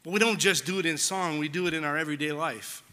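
A man's voice: on the high side, steady tone, fast talker, bright, forceful tone. A man preaching a sermon as pastor, earnest and telling a story with quoted voices. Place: church hall. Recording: long church hall reverb.

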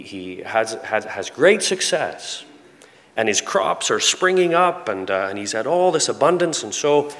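A man preaching a sermon in earnest tones, often repeating words and dropping to a soft, hushed voice. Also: mid-range voice. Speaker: pastor. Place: church sanctuary with a congregation. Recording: long reverb of a large hall.

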